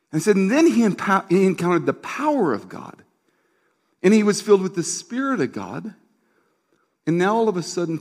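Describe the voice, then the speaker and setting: A middle-aged male pastor preaching in an easy, conversational way, his voice sitting a little higher than most men's. He tells a story with quick asides and calls out to the congregation for answers. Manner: asks the crowd for responses. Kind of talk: sermon.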